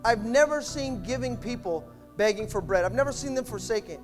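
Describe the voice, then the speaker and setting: A pastor preaching a sermon in church, emphatic, leading call-and-response with the congregation and swinging between loud bursts and quiet asides. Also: male voice, extremely high pitch, animated, brisk, few pauses, faint music behind.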